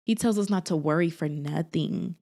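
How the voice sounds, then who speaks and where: A woman with a lower voice talks straight to her viewers in a casual, encouraging vlog. She is animated and sassy, swinging from playful asides to heartfelt encouragement like a big sister. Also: moderate pace, gravelly. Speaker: faith and lifestyle vlogger. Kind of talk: casual encouraging talk to camera.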